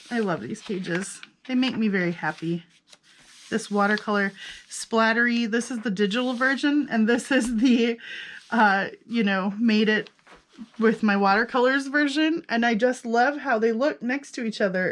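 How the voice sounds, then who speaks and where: A woman's voice: a little high, slight background noise. A woman casually narrating a flip-through of her handmade journals, chatty and self-amused, thinking aloud as she goes.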